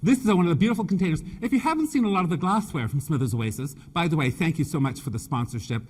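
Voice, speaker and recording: A man's voice: on the high side, lively intonation, fast, darkish tone. A Canadian man with a slight British lilt, giving a chatty, joking live floral design demonstration to an audience. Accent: Canadian with a British touch. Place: large exhibition hall. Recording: long hall reverb.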